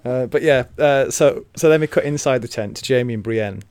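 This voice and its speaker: A man's voice: mid-range voice, normal speed, a little mellow, slight background noise. A man co-hosting a podcast, talking casually with a lot of ums and restarts. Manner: hesitant, many fillers and restarts. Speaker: podcast co-host. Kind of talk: casual chat.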